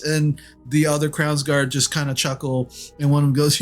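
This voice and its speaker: A man's voice: on the high side, steady tone, moderate pace, few pauses, fairly bright tone, faint music behind. A man narrating a tabletop game as game master in a casual, loose way. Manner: casual, loose, many fillers.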